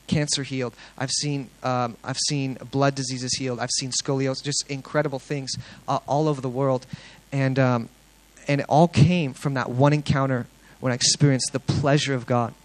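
A young man shares his testimony with a congregation, telling his story earnestly and excitedly with plenty of fillers and restarts. His voice is mid-range, his speed normal, and he pauses little. The recording quality is low.

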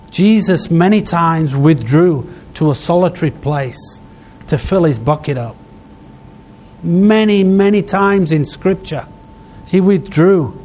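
Man, preacher, sermon, very slow, heartfelt, pausing phrases, faint background hum. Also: fairly high pitch, warm tone.

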